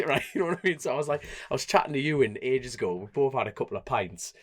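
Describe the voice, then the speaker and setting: A man with a Geordie accent tells stories from his racing life in loose podcast chat. His voice has a middling pitch that swings widely as he acts out other people's lines, and he laughs often through the telling. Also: very fast, few pauses. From North East England. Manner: animated, laughing, acts out quotes with big pitch jumps. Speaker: podcast co-host and road racer. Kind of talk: casual storytelling chat.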